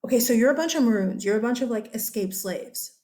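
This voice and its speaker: A woman's voice: a little high, animated, quick pace, a little mellow. A woman teacher giving a casual, chatty history lecture over slides. She often checks in with her listeners.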